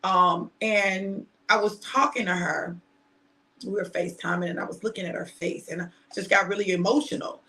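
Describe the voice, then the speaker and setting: A middle-aged woman preaching informally to her online audience, shouting and emphatic at times, then reflective and personal. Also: medium pitch, fairly even intonation, moderate pace. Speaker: preacher and host.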